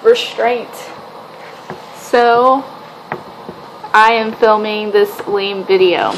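A woman's voice: medium pitch, fairly even intonation, very slow, slight background noise. A woman and mother chatting casually to her camera in a rambling, self-mocking daily vlog, talking to a camera set down a short distance away. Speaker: vlogger and mother.

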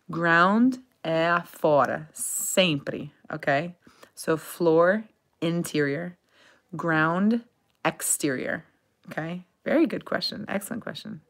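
A woman teaching English on a casual live stream, reading viewer questions aloud, repeating words for pronunciation, slipping into Portuguese to explain. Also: sits low. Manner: laughs often, repeats words slowly for pronunciation.

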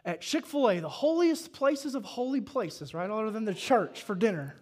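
A Southern pastor with a notably high voice delivers a sermon, chatty and homespun as he tells his stories. He pushes his voice up into loud, fervent exhortation as he drives his points home. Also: animated, normal speed. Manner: folksy storytelling that builds to shouted exhortation. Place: church service.

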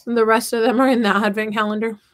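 A woman's voice: a little high, little pitch movement, quick pace. A woman hosting a casual craft livestream from her home office, chatting and reading out viewer comments. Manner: playful and upbeat. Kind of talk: casual chat while crafting.

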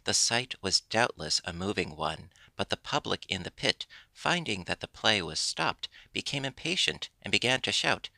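A man reading a classic children's story aloud in a measured, even storybook narration. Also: lowish voice, gravelly, no room sound. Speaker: audiobook narrator.

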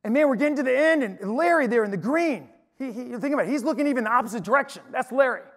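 A man preaching to an audience in an energetic, emphatic storytelling way. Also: extremely high pitch, racing. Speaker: speaker. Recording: long hall reverb.

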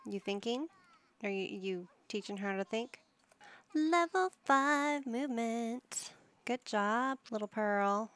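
A woman's voice: on the high side, expressive, takes it slowly, a bit bright, smooth, dry recording. A woman giving casual gameplay commentary, chatty and coaxing, talking to her characters like a parent would. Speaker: gaming YouTuber.

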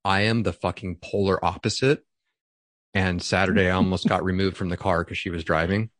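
A man's voice: low-pitched, fairly even intonation, a little fast, fairly bright tone, no echo. A man co-hosting a podcast, chatting candidly and poking fun at himself. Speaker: podcast co-host. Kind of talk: casual podcast banter.

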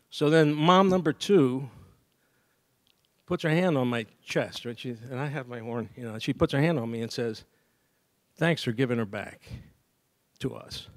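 A man giving a graduation speech as a saxophonist, telling a story lively and scatting melodies. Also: mid-range voice, a little slow, pauses often. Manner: lively storyteller who scats melodies and acts out dialogue. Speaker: commencement speaker and saxophonist. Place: university degree ceremony.

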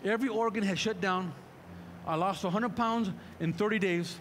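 Fervent preacher, high-pitched man, in an echoey hall with faint noise. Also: normal speed, a bit bright. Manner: fervent, repeats rhetorical questions. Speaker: pastor. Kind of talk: sermon.

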